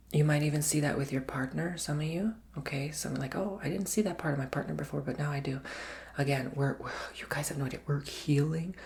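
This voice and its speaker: A man giving an ASMR tarot reading, often whispering, speaking softly and reassuringly straight to the listener. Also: medium pitch, creaky. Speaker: tarot reader.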